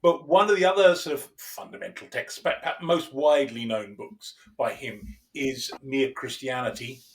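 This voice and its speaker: A man talks through books in an easy conversational way, with a voice of medium pitch. He is animated and chuckles often, and he restarts his phrases as he searches for words. His delivery is that of a lecturer chatting with a co-host. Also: normal speed, distant mic. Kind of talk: conversational discussion.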